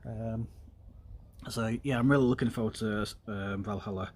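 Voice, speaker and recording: Low-voiced man chatting through a craft. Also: steady tone, normal speed, darkish tone, a little hiss or hum. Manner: rambling, filler-heavy, talks while working with his hands. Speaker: streamer. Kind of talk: casual craft tutorial chat.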